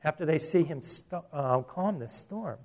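A man preaching a sermon as pastor, earnest, restarting phrases and slowing down for emphasis. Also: on the high side, animated.

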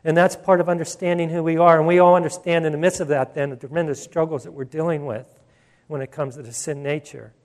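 A man's voice: a little high, flat delivery, fast, a little mellow. A male pastor preaching a sermon in an emphatic, conversational way, with asides and restarts.

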